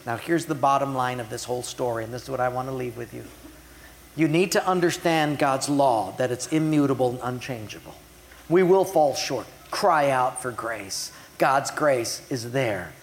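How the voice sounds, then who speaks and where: A man's voice: mid-range voice, slight background noise. Man preaching in a reverberant hall. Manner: retells scripture in a casual way, slows down for emphasis. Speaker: pastor. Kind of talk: sermon.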